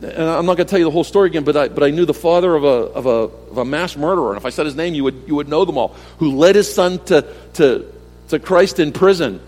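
A middle-aged male pastor preaches conversationally, posing rhetorical questions and repeating key phrases. He swings between emphatic lines and soft, low ones, and the recording carries long hall reverb.

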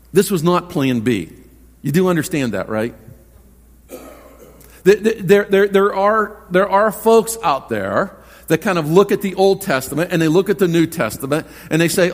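A man preaching a sermon as pastor, earnest and conversational, often repeating words as he starts a thought. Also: high voice. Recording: long hall reverb.

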